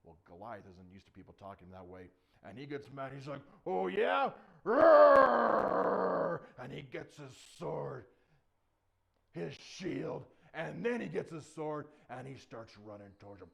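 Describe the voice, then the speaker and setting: Young guy doing kids story time, playful, lots of sound effects, a bit gravelly. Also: mid-range voice, normal speed, muffled recording. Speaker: children's ministry leader. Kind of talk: telling a bible story to children.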